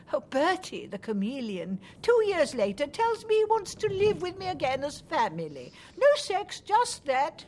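A woman's voice: high-pitched, a little hiss or hum. An actress playing a spirited older woman in a radio drama, talking with passion and sweeping emphasis. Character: spirited older woman recalling a bitter old love.

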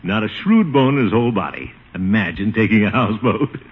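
A man's voice: on the low side, animated, a little fast, natural voice. A man playing a hearty, pompous middle-aged uncle who chuckles often, in 1940s radio acting style. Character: blustery, jovial middle-aged bachelor uncle. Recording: hissy, muffled old radio recording.

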